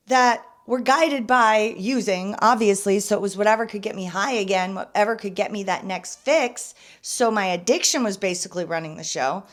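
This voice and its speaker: A young woman hosting a podcast, speaking candidly and earnestly about her own past, turning soft and emotional at moments and emphatic at others. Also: fairly high pitch. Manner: earnest and confessional, swinging between soft and emphatic. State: emotional, near tears at times. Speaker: podcast host. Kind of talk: casual personal testimony.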